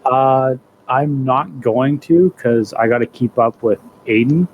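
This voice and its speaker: A man's voice: medium pitch, slow, narrow, tinny audio, slight background noise. A man playing a tabletop game, talking casually and matter-of-factly. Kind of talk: casual chat.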